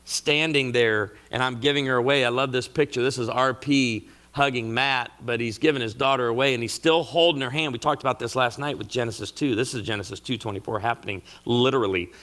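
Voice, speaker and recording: A man's voice: medium pitch, brisk, few pauses. A middle-aged man giving a humorous sermon-style talk at a marriage conference, telling family stories with comic asides. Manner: animated storyteller with comic asides.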